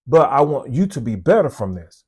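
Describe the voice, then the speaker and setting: A man's voice: medium pitch, very animated, moderate pace, a little mellow, breathy edge. A man with a Southern US accent, a police officer hosting his own channel, talking casually and folksy to the camera. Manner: folksy, conversational, repeats points.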